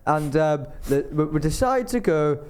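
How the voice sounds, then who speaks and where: A man's voice: fairly high pitch, expressive, measured pace, a little mellow, smooth. A young man on a comedy podcast, rambling through a travel anecdote and acting out the people he met. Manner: rambling anecdotes, acts out other people's lines. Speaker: podcast co-host telling a travel story. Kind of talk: casual comedic storytelling.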